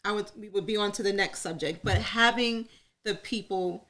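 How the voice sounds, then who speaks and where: A woman's voice: mid-range voice, moderate pace, fairly bright tone. A woman co-hosting a live talk circle, speaking openly about personal matters. She is chatty and candid and laughs easily as she shares. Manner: open, chatty, laughs often, calls herself an oversharer. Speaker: co-host. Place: room with a live audience.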